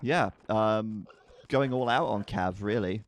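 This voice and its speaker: A man's voice: fairly low pitch, takes it slowly, a little hiss or hum. A man casting a strategy game match in a casual, joking way, sometimes stumbling over names. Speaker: esports commentator.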